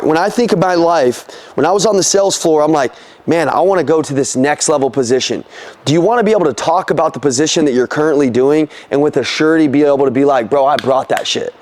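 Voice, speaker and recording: A young man with a high, bright voice leads a motivational sales training session, talking casually and energetically. He swears freely and fires questions at the people in the room. His intonation is lively and he speaks a little fast.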